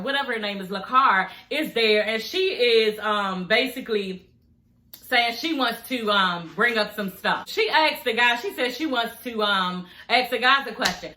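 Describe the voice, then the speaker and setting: A woman's voice: on the high side, pushed and bright. A woman YouTuber recapping a reality show in a sassy, blunt, profane chat, laughing often. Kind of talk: casual chat. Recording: echoey room.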